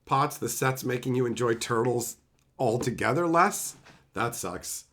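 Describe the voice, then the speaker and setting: Bright-voiced sarcastic male streamer. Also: mid-range voice, a little slow. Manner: sarcastic, profane ranting. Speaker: streamer opening card packs. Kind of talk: casual live-stream chat.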